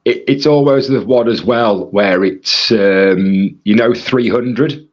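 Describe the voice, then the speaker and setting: A man with a husky voice, casually reading viewer comments aloud as co-host of a live stream. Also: fairly low pitch, takes it slowly, lo-fi sound.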